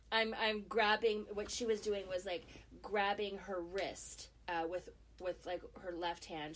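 Middle-aged woman telling a story on a talk show, mid-pitch voice, lots of ums and restarts. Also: a little hiss or hum. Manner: lively, with frequent fillers and restarts. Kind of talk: casual spoken storytelling.

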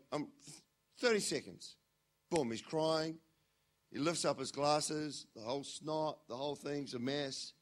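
Animated male preacher. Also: fairly high pitch. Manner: animated storytelling, swings from loud to quiet. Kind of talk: sermon.

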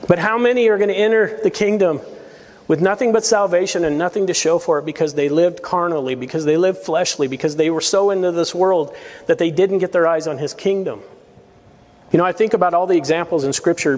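A man's voice: fairly high pitch, big-room sound. A man preaching a verse-by-verse sermon as pastor, earnest and emphatic, with rising appeals to his listeners. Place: church sanctuary.

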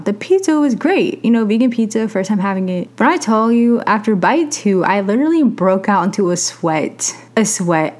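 A young adult woman hosts her own podcast in a candid, conversational way, telling a personal story. Her voice sits in an ordinary middle pitch, and she lively acts out what other people said. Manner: candid, animated storyteller acting out quoted voices. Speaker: podcast host.

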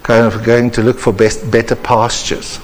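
A man delivering a sermon with earnest, measured preacherly emphasis at a conference. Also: mid-range voice, flat delivery, a little hiss or hum. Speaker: conference speaker. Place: church hall. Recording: reverberant church hall.

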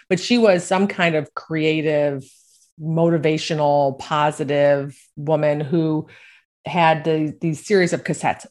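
A low-pitched middle-aged American woman speaks as a golf coach in an easy, conversational way. She keeps tagging her points with a quick "right?" and laughs lightly while telling her stories. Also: a little mellow. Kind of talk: casual talk.

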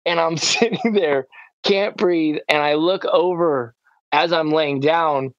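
A male podcast co-host telling a story in a casual chat, excitable and animated, with lots of "like" and "dude". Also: a little high, slow pace, no room sound, highs cut off.

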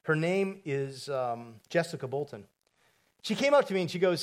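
A man's voice: a little high, animated, normal speed. A man preaching a sermon as pastor, telling stories in a conversational way with asides to the congregation.

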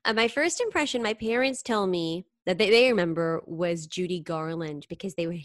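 A woman singer and impressionist, telling stories in an animated, chatty way during an interview. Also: fairly low pitch, moderate pace, no echo, clean studio sound. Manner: animated, chatty storyteller who briefly slips into singing impressions. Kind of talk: interview conversation.

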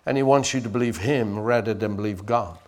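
A male pastor preaching a sermon, swinging dramatically between loud exhortation and hushed lines, and calling for responses from the congregation. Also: on the low side, a little fast.

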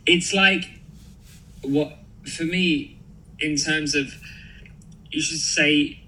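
A man's voice: fairly high pitch, steady tone, very slow, bright, forceful tone, a little hiss or hum, low-quality recording. A man as a podcast guest in casual chat, swearing freely, laughing and rambling. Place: flat in London.

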